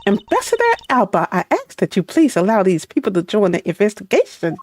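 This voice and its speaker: A woman's voice: mid-range voice, huge pitch swings, brisk, a little mellow. A woman voicing a proud, haughty young female prosecutor in a game, with a commanding delivery.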